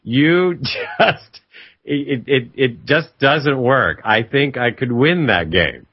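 A man with a medium-pitched, slightly rough voice tells a story slowly in a casual spoken monologue. He is emphatic and reflective, often retelling a conversation, and the lo-fi recording sounds slightly dull.

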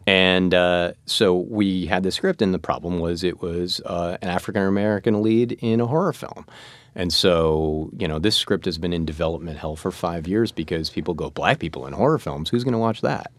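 Animated deep-voiced man telling stories. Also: normal speed, no room sound, clean studio sound. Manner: animated storyteller acting out voices. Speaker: actor guest. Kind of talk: storytelling interview.

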